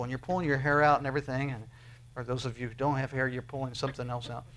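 Halting, conversational male preacher. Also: medium pitch, steady tone. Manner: halting, repeats words and restarts often; conversational, asks the listeners questions. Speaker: pastor. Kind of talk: sermon, verse-by-verse Bible teaching.

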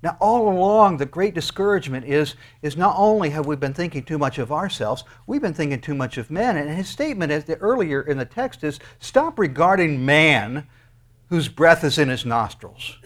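A man's voice: a little high, lively intonation, normal speed. Man preaching with big dynamic swings. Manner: emphatic preaching, swinging from hushed asides to shouted commands. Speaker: pastor. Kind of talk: sermon.

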